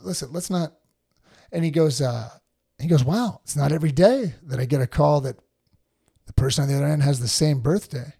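A man's voice: a little high, a little fast, creaky, breathy edge. A man co-hosting a casual spiritual chat, telling stories with animation and acting out the voices of other people. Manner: animated storytelling, acts out voices. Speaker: podcast co-host.

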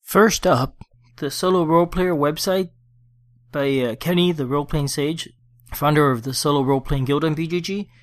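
A man hosting a solo gaming podcast, chatting casually and then reading a war story aloud in his own plain voice. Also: fairly high pitch. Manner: conversational, quick restarts, reads report plainly without accents. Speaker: podcast host. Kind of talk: casual podcast talk and read-aloud session report.

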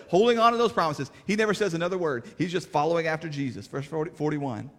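A man preaching a sermon as pastor, in plainspoken, folksy words, swinging between fervent raised passages and hushed, quiet stretches. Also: on the high side, fast talker, hardly any pauses. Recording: reverberant hall.

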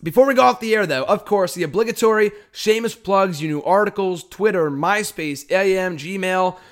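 A man hosting a wrestling podcast, excitable and rambling, swearing casually as he chats. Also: high voice, normal speed. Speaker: podcast host.

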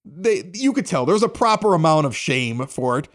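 Slightly high and very animated, the voice of this forties-aged podcast host keeps a moderate pace. He reads local announcements, chats casually, and rambles through stories, voicing the quoted characters himself.

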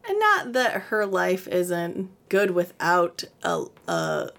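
Woman co-host, casual book chat, a bit of vocal fry, quick to laugh and trail off. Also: lowish voice, wildly swooping pitch, fairly bright tone. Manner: chatty, laughs often, trails off mid-sentence. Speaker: podcast co-host.

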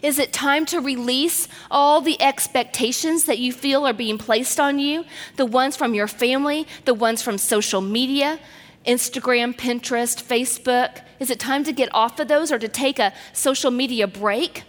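A woman preaches with earnest storytelling, her voice pitched fairly high. She drops to soft near-whispers at the tender moments. Her words ring out with a long reverb in a large hall. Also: moderate pace. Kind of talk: sermon with personal story.

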